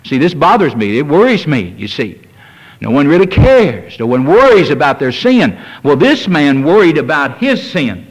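An older man preaching a sermon as pastor, earnest and repetitive, pushing higher as he stresses a point. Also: big pitch swings, normal speed, low-quality recording.

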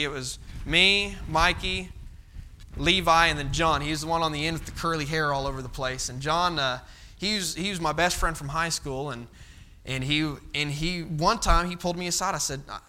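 A man's voice: a little high, fairly quick, bright, forceful tone, slight background noise. A young man preaching a folksy sermon, telling stories and acting out his father's stern voice. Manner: folksy, storytelling, acts out his dad's stern voice.

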